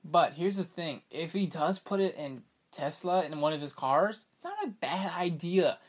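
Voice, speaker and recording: Excitable young man podcasting with hiccups. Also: on the high side, moderate pace. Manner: excitable and rambling, many fillers like "like" and "bruh". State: has the hiccups. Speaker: podcast host. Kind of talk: casual solo podcast chat.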